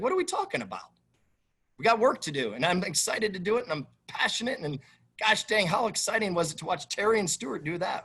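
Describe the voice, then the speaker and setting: Emphatic husky football coach, man. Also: high voice. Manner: emphatic, animated, repeats himself. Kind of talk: press conference answers.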